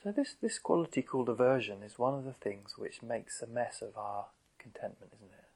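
A man giving a gentle, conversational dharma talk to meditators as their teacher, often asking rhetorical questions. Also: medium pitch, animated, a little fast, gravelly, breathy edge, rough recording.

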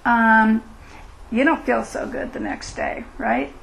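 A woman teaching mindfulness at a retreat and answering questions, in a gentle, reflective way that acts out inner thoughts. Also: a little high, fairly even intonation, slow, vocal fry, slight background noise, rough recording. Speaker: meditation teacher.

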